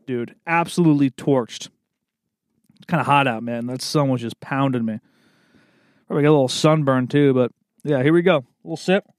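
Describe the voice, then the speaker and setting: A man's voice: mid-range voice, clear, resonant tone, no echo, studio quality. A young man hosting a casual solo chat, rambling in a laid-back way and calling everyone "man" and "dude.". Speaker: podcast host.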